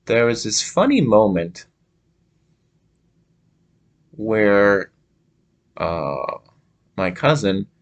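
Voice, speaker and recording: A young man from Minnesota telling a casual story to camera, halting with many fillers and restarts. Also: lowish voice, big pitch swings. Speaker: vlogger.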